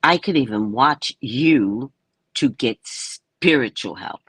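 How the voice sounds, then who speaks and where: A woman's voice: very deep voice, lively intonation, slow, a bit bright, breathy edge, no echo. A woman in her sixties, chatting casually and playfully with viewers on a live stream, laughing as she talks. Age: 60s. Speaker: live stream host and psychic reader. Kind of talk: casual live chat answering comments.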